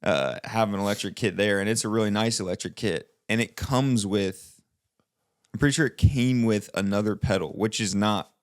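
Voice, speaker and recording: A man's voice: lowish voice, moderate pace, no room sound, studio quality. A young man co-hosting a podcast in casual chat, talking animatedly and often restarting his sentences. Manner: animated, restarts mid-sentence, critiquing a church band clip. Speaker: podcast co-host.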